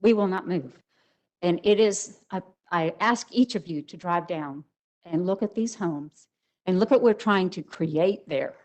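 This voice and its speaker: A woman's voice: fairly low pitch, measured pace, darkish tone, rough recording. An older woman speaking as a resident at a public hearing, emotional and emphatic. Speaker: resident giving public comment.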